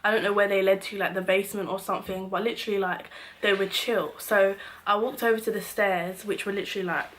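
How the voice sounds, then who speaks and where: A young woman with a British accent, telling a storytime vlog in an animated, slangy way that acts out the quoted shouting. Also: mid-range voice, fast talker. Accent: British English. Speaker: vlogger.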